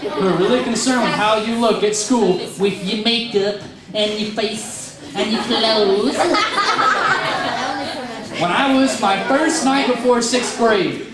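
A young man with a fairly high voice tells jokey stories and takes questions from a youth audience. He rambles and pokes fun at himself. He is picked up from a distance in an echoey room over a noisy crowd. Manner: rambling, self-mocking, joking storyteller. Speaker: motivational youth speaker. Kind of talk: live speech with audience Q&A. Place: large room before a youth group audience.

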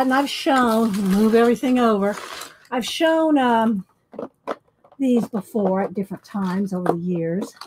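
Slow-talking chatty woman host. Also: fairly high pitch, a little mellow, a little hiss or hum, low-quality recording. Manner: rambling, chatty, thinks aloud. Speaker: art channel host. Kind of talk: casual chat showing books.

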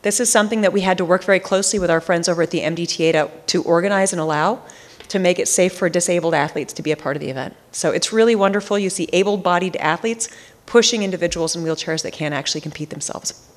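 A woman who organizes a charity race speaks at a town hall. She talks fast in a slightly low voice, informal and full of fillers.

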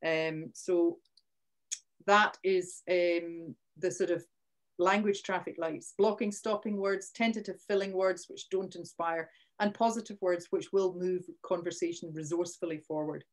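A woman's voice: fairly low pitch, fairly even intonation, unhurried. A Scottish woman presenting a live online training session, chatty and often restarting her sentences. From Scotland. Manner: chatty, restarts sentences, punches key words. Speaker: workshop presenter. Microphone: video call.

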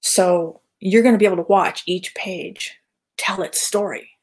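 A woman's voice: medium pitch, a little slow, husky. A woman artist casually chatting on a livestream, rambling with lots of fillers and restarts. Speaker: artist hosting a live chat.

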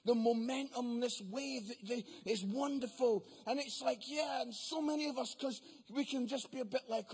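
A male preacher, giving an excitable sermon in a church venue that builds into emphatic shouting. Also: very high-pitched, normal speed, few pauses, breathy edge. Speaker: guest preacher.

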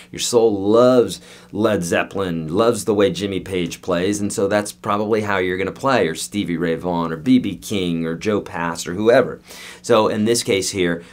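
A man giving a casual guitar lesson, chatty and joking, with animated asides. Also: deep voice. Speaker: guitar teacher.

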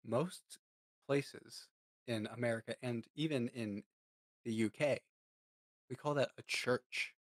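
A man on a casual podcast who keeps chiming in with short asides and deadpan jokes. His voice sits at an ordinary middle pitch. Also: slow, long pauses.

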